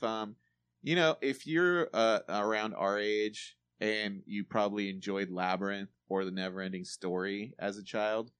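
A man's voice: fairly low pitch, a bit bright. A man chatting casually about films on a podcast. He rambles, uses a lot of fillers and swears. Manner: rambling, filler-heavy, profane. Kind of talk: casual chat.

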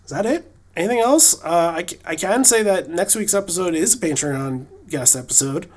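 A man's voice: sits high, expressive, moderate pace, darkish tone. A man co-hosting a podcast, talking in a loose, rambling way with many fillers and restarts. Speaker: podcast co-host. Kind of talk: casual podcast chat. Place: lives in New England.

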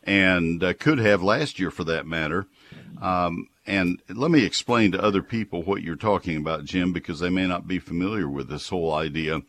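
Deep-voiced male radio host giving advice. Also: moderate pace, a bit bright. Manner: explanatory, patient, polite with callers. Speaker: radio gardening show host.

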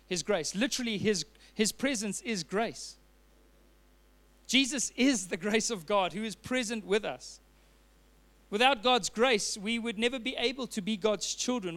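A man's voice: high voice, fairly bright tone. A man preaching a sermon as a pastor, telling a personal story with earnest fillers and restarts.

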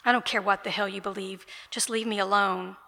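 A woman reads as a bitter, homeless war veteran who snaps and curses. The voice is gravelly and bright, with a flat pitch. It rings with a long echo. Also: fairly quick. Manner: curt and cursing. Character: gruff bitter male army veteran, homeless. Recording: reverberant event room.

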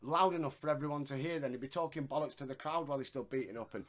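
A man's voice: mid-range voice, racing. A man co-hosting a casual wrestling review, laughing often and swearing freely. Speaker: podcast co-host.

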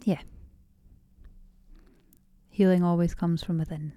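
Hesitant Scottish woman, low and flat. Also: takes it slowly, dry recording, studio quality. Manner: hesitant, many restarts and fillers, laughs often. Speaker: podcast guest. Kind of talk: casual interview conversation.

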